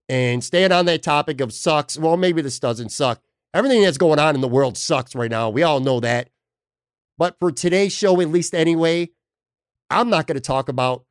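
A man's voice: on the high side, clean tone, no room sound, studio quality. A man hosting a sports podcast, talking in a blunt, emphatic, casual way with the odd swear word. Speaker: podcast host.

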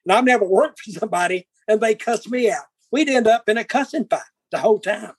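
Older guy swearing thru his stories, husky high voice, dry sound. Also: expressive, fairly quick, no room sound, poor audio. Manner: profane, blunt, acts out quarrels in dialogue. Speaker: guest. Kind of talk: casual storytelling.

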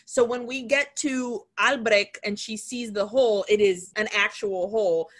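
A woman co-hosting a podcast, recapping a horror film in lively casual chat, swearing freely and acting out scenes. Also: mid-range voice. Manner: animated, swears freely, quick laughs, acts out scenes. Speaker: podcast co-host.

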